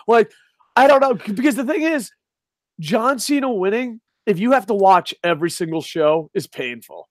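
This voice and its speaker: A man's voice: sits high, big pitch swings, moderate pace, no echo, clean studio sound. A man co-hosting a casual wrestling chat, sarcastic and swearing freely, laughing at his own jokes. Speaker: podcast co-host.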